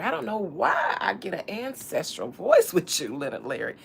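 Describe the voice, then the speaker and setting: A woman's voice: medium pitch, wildly swooping pitch, normal speed, creaky, hardly any pauses, a little hiss or hum. A woman from the American South with a Southern accent, hosting a casual tarot reading and talking in a sassy, teasing drawl. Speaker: tarot reader and channel host.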